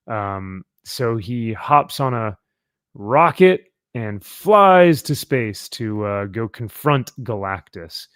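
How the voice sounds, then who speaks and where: A man's voice: mid-range voice, lively intonation, takes it slowly, a bit bright, clear, resonant tone, no room sound. Male podcast host, loose rambling comic talk, dry sound. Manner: rambling, filler-heavy, laughing. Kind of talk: casual comic review chat. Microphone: headphones and desk mic.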